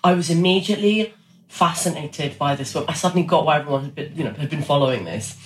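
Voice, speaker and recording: A young woman, an actress, chatting in an interview in an animated way, with quick restarts and acted-out quotes. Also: low-pitched, a little hiss or hum. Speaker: actress guest. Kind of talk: casual interview chat. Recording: echoey room.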